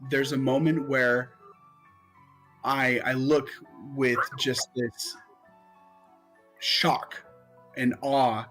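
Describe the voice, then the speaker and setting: Slow, halting man narrating his turn. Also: mid-range voice, little pitch movement, a bit bright, soft background music, poor audio. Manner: slow, halting, many ums. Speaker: player. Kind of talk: narrating his character's actions in a tabletop game.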